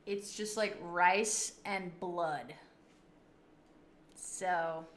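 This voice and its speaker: Bright-voiced chatty woman streamer. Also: fairly high pitch, animated, measured pace, long pauses, reverberant. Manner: chatty, rambling reactions. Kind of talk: casual livestream chat.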